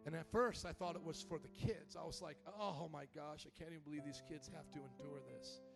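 A man in his thirties preaching a sermon in church, swinging from soft, choked-up storytelling to loud, shouted exhortation. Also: vocal fry. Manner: preaching with big emotional swings, shouting high when fired up. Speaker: pastor. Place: church sanctuary.

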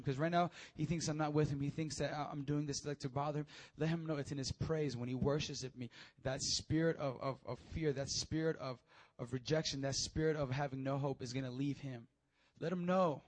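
A young man preaching a sermon, telling a story with emotion and swelling to near shouts at the high points. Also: steady tone, brisk.

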